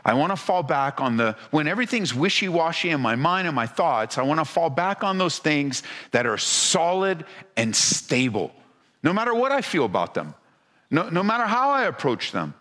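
Lively conversational preacher in a big hall. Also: male voice, on the high side, moderate pace. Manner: conversational preaching with rhetorical questions and repeated words. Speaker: pastor. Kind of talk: sermon. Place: church hall before a congregation.

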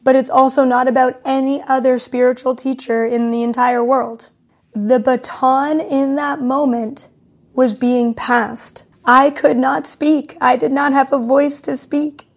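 Woman spiritual speaker, high voice, slow and emphatic, kinda teary. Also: steady tone. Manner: slow, emphatic, repetitive, tearful. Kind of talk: emotional spiritual talk.

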